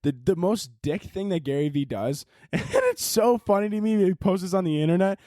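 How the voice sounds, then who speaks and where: A man's voice: high-pitched, very animated, moderate pace, darkish tone, dry recording, studio quality. Rambling, profane comedy podcast man. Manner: rambling, profane, laughing often. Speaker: podcast host. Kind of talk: casual comedic monologue.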